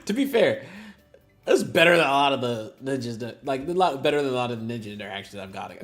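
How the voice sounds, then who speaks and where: A streamer talking casually while playing, swearing freely and laughing at their own mistakes, lurching between loud outbursts and quiet muttering. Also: mid-range voice, lively intonation, a little fast, soft background music.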